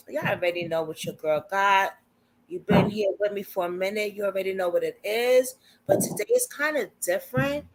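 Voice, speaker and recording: A woman's voice: medium pitch, poor audio. A woman hosting a casual livestream, chatty and informal, laughing often as she talks. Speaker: livestream host.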